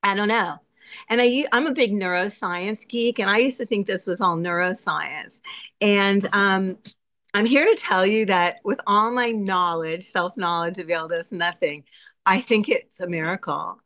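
Woman sharing her recovery story at a meeting, chatty and candid, laughs a lot, mid pitch. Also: moderate pace, a bit bright. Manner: candid, chatty, laughs often, acts out her own inner voice. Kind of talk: personal recovery share.

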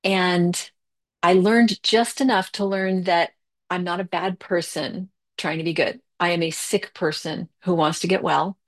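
A middle-aged woman with a slightly low voice tells her recovery story candidly. She talks casually, full of fillers, and speeds up and slows down as she goes. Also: fairly even intonation. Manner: candid, conversational, many fillers, quick bursts and slow stretches. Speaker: recovery meeting speaker. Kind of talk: personal recovery share.

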